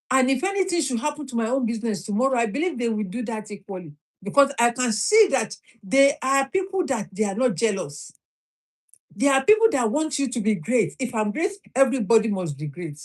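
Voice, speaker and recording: A woman's voice: a little high, breathy edge. A middle-aged Nigerian woman hosting a live stream, giving a motivational talk, repeating her phrases and putting questions to the listener.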